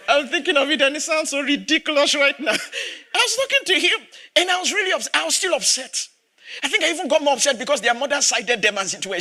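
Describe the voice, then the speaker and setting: Bright, high-voiced pastor preaching. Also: male voice, lively intonation, fast. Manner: storytelling with laughter and acted dialogue. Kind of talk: sermon.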